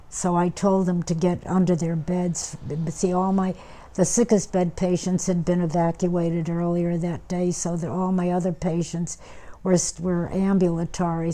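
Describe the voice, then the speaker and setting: Elderly woman, low flat mellow voice. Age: 90s. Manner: unhurried reminiscing with many fillers and restarts. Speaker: war veteran interviewee. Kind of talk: oral history interview.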